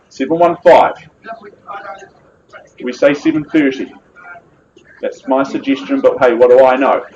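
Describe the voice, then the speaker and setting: A man's voice: on the high side, lo-fi sound, a little hiss or hum. A man with a New Zealand accent calling a live property auction with jovial, persuasive patter.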